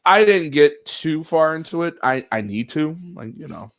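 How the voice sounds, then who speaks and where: A man co-hosting a podcast, chatting casually about video games in an animated way, swearing freely. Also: fairly high pitch, moderate pace. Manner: animated, swearing, acts out reactions. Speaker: podcast co-host.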